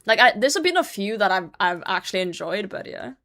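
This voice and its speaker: A woman talks to her livestream viewers in a loose, rambling way as she plays. She drifts into rants and swears offhand, and her pitch sits in the middle of the range. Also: very animated, fairly bright tone. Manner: chatty, rambling, quick to rant and swear. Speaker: livestream host. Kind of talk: casual chat with viewers while gaming.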